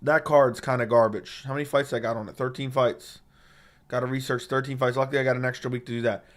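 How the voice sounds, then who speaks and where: A man's voice: mid-range voice, level tone, quick pace. A man with a sore throat chatting casually on a live stream and reading viewer comments, blunt and profane as he trash-talks with chat, into a studio microphone. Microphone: studio dynamic microphone.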